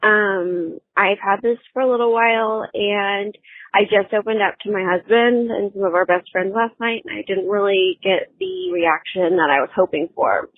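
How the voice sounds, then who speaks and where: A woman leaving a halting voicemail confession, with frequent ums. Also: mid-range voice, no echo. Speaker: caller. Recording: tinny phone line.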